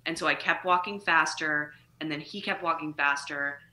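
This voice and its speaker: A woman comedian in casual chat, telling animated, profane stories. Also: low voice, normal speed, echoey room. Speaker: comedian, podcast guest.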